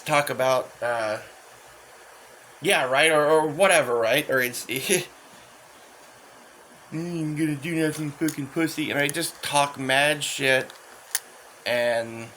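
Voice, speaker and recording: A man in a casual rambling monologue, profane and halting, full of restarts and fillers. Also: mid-range voice, sharp tone, slight background noise, low-quality recording. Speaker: channel host.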